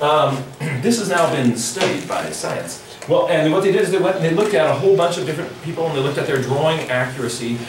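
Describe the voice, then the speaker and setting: A man's voice: fairly high pitch, a little hiss or hum. Chatty man lecturing in an echoey hall. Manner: chatty, animated, playful with the audience. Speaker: drawing workshop instructor. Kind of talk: live workshop lecture. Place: large echoey lecture room. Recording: echoey hall recording from far off.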